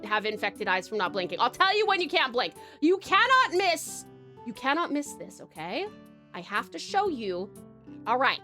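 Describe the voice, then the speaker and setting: A woman's voice: on the high side, bright, forceful tone. A young Australian woman streaming live, chatting bubbly and giggly with her viewers and calling them babes. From Tasmania, Australia. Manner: bubbly and giggly, greets chat by name, calls them babes. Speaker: VTuber streamer.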